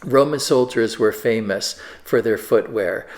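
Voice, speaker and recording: A man's voice: fairly low pitch, measured pace. A man, a pastor, teaching an informal sermon in a conversational way with frequent fillers and restarts. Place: church.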